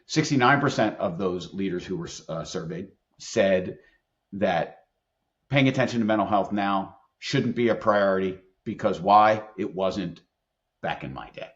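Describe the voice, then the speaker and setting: A man's voice: low-pitched, a little slow, muffled recording. A middle-aged man, an employment attorney and leadership expert, talking as a podcast guest, emphatic and earnest as he tells stories. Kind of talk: conversational podcast interview.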